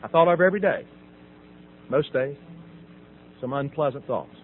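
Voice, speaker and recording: A man's voice: mid-range voice, lively intonation, moderate pace, a little hiss or hum. A middle-aged man from the American South tells his recovery story, acting out conversations and laughing often. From Southern United States. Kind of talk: personal testimony talk. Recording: tinny phone-like audio.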